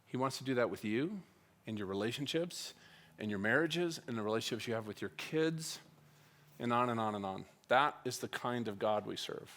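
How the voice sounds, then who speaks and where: A man's voice: mid-range voice, normal speed. A middle-aged man speaking at a church, telling a personal story and acting out the conversations in it. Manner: animated, acts out dialogue with wide swings in loudness.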